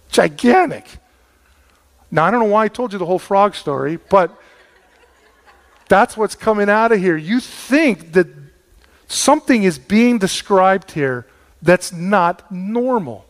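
A man's voice: on the high side, long reverb tail. A middle-aged man preaching a sermon, folksy and storytelling, repeating words for emphasis. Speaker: pastor.

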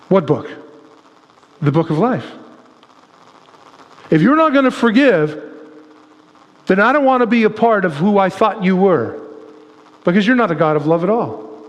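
Male pastor, high voice, animated and joking sermon, long hall reverb. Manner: animated, acts out voices of the people with humor.

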